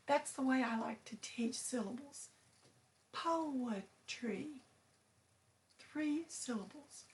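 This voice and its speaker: A woman teacher reading a picture book aloud to her students, slow and clear, stressing each syllable. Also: high-pitched, a little hiss or hum.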